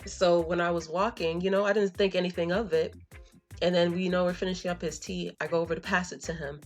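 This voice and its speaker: A woman's voice: on the low side, fairly even intonation, fast talker, faint music behind. A young woman from Florida talking casually to her viewers, telling stories and slipping into slang and fillers as she goes. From Florida, USA. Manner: conversational and storytelling, drops in slang and fillers. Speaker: vlogger. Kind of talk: casual talk to camera.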